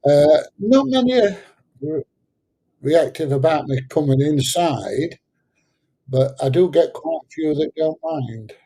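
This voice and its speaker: Hesitant husky man. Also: on the high side, lively intonation, takes it slowly, mellow, poor audio. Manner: rambling and hesitant, many fillers. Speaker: livestream host answering chat. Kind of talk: casual livestream chat.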